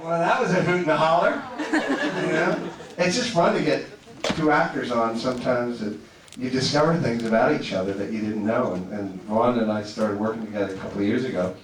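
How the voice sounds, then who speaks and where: A man's voice: mid-range voice, brisk, a crowd in the background. A man answering fan questions as a guest actor at a convention, chatty, stammering through restarts and laughing easily. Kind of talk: casual convention Q&A. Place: large convention hall stage. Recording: echoey hall, far from the mic, noisy.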